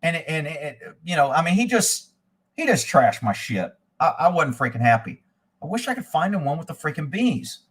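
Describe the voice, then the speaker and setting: A man spins a profane story on a live show, his voice high and bright. He swears freely and acts out the people he quotes. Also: sing-song, normal speed, husky. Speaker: host. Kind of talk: casual live-stream storytelling.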